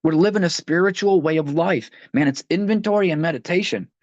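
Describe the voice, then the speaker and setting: A man's voice: a little high, fairly quick, no room sound. A man leading a line-by-line recovery book study, talking conversationally and often restarting phrases as he reads passages aloud. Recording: dull, dry lo-fi audio.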